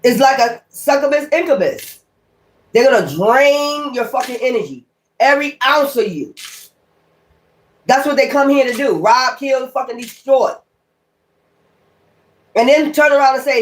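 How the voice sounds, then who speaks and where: A woman's voice: high-pitched, animated, moderate pace, long pauses. A woman tarot reader talking straight to her viewers in a blunt, heated rant full of cursing. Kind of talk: casual profane rant to viewers.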